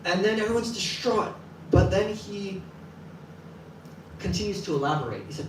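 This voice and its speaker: A man with a fairly high voice tells a sermon story to a gathered audience, in a casual and lively way, and briefly puts on the voices of the people in it. He sounds set back from the mic, and a roomy echo with faint ambience hangs around him. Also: normal speed, long pauses, slight background noise. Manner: lively, acts out quoted voices. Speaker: temple class speaker. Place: temple hall with live audience. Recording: echoey room from a distance, faint ambience.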